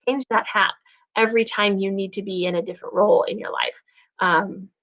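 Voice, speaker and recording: Chatty woman host with a fairly high voice. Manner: chatty and expressive, acts out quoted voices. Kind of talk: casual talk to camera.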